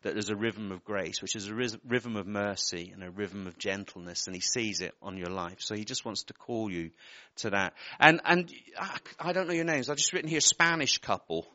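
A man's voice: fairly low pitch, normal speed, pushed and bright, dry recording, lo-fi sound. A man preaching a sermon, giving earnest personal words to people in the congregation and often breaking off with apologetic asides.

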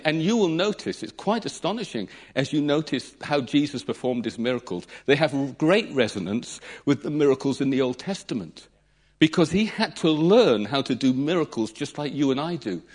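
A man preaching a sermon, animated, retelling stories dramatically with acted-out voices. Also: medium pitch, husky.

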